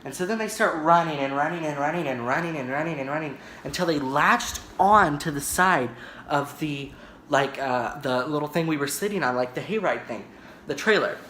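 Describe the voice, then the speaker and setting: In an echoey indoor room, a man vlogs on camera, telling a story dramatically and rambling, often checking in with "right?". His voice is on the high side, pushed and bright, at a moderate pace, with a little hiss or hum.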